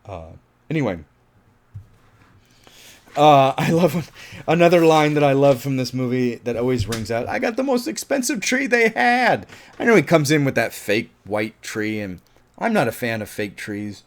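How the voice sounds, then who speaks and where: A man talks through a film review in a loose, unscripted way. His pitch swings widely as he gets worked up, and he swears and laughs between restarts. It sounds like casual spoken commentary. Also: normal speed, long pauses. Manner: rambling and animated, swears often, laughs, restarts a lot.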